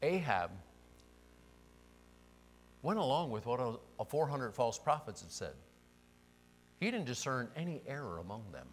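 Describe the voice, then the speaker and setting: Lively, emphatic male preacher. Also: mid-range voice, slight background noise. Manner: emphatic, rhetorical questions. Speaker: pastor. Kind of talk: sermon.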